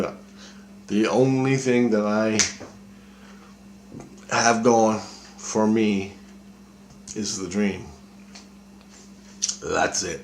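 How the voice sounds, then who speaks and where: Deep-voiced man rambling casually, profane. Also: echoey room, slight background noise. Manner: casual, profane, trailing off with fillers. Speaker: vlogger. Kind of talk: rambling personal monologue.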